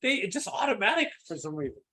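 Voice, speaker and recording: A man leading a live sales coaching session, energetic and checking in with his listeners as he acts out sample calls. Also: high voice, fast talker, husky. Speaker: sales team trainer.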